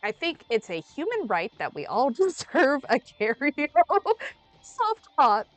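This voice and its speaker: A young woman streams a game under the weather, rambling in a playful, casual way. Her pitch swings widely, jumping to sudden loud bursts. Soft music plays faintly behind her. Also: wildly swooping pitch, unhurried.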